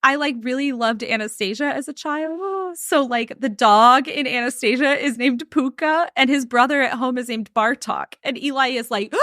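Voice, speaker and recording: A woman's voice: high voice, normal speed, no room sound, clean studio sound. A woman podcast host telling a story in casual chat, acting out what each person said. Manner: animated retelling with quoted voices and frequent "like".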